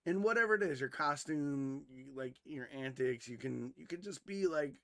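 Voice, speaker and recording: A man co-hosting a podcast, telling a story casually, animated and swearing freely, who grew up in Wisconsin. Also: mid-range voice, moderate pace, dry recording, clean studio sound. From Wisconsin, USA. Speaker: podcast co-host.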